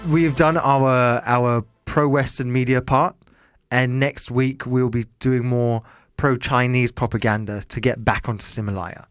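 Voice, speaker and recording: Man, podcast host, joking, laughs a lot, mid pitch, dry sound. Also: steady tone, measured pace, dry recording, soft background music. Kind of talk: casual podcast chat.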